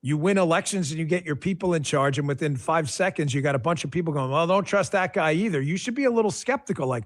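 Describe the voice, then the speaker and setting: Animated male political commentator. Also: fairly high pitch, fast. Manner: animated, emphatic, with many asides. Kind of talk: podcast commentary.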